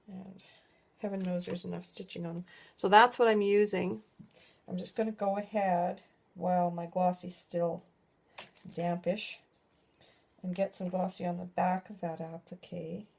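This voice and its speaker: A woman's voice: fairly low pitch, vocal fry, a little mellow. A middle-aged woman hosting a casual craft video at home, chatting and rambling as she works and often breaking off mid-thought. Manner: chatty, rambling, self-interrupting. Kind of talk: casual craft tutorial chat.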